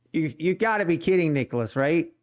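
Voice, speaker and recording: A middle-aged man, chatting casually on a trading livestream, laid-back and joking. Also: fairly high pitch. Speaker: day trading livestream host. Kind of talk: casual live-stream chat.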